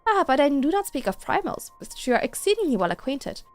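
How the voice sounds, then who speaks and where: A woman's voice: high-pitched, very animated, quick pace, soft background music. A woman reading aloud the formal lines of a mysterious male game stranger. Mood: solemn.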